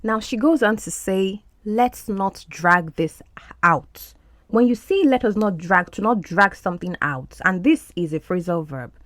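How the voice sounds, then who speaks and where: A woman's voice: mid-range voice, expressive, normal speed, few pauses, dry recording, studio quality. A woman teaching English, explaining phrases from film clips in a patient, repetitive way. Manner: patient, explanatory, repeats words for practice.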